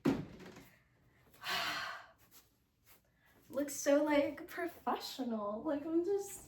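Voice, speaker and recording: Young woman vlogger, rambling and excitable, slow unhurried delivery, faint room hum behind her. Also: high voice. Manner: giddy, rambling, many fillers and squeals. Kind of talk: casual storytime chat. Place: home room, indoors.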